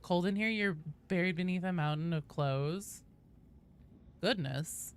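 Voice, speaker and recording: A woman streaming a game, chatting casually with viewers, greeting them loudly and swearing freely. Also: lowish voice, unhurried, clean tone.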